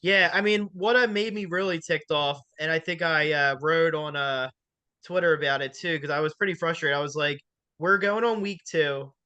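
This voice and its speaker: A man's voice: on the high side, fairly even intonation, moderate pace, bright, forceful tone, clear, resonant tone, highs cut off. A man hosting a sports talk show, chatting casually and filling his sentences with "like" and "you know". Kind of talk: casual interview.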